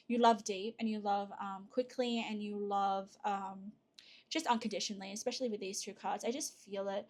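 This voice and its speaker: A woman giving a pick-a-card tarot reading to her viewers, chatty and excitable, with frequent fillers and restarts. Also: on the high side. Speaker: tarot reader.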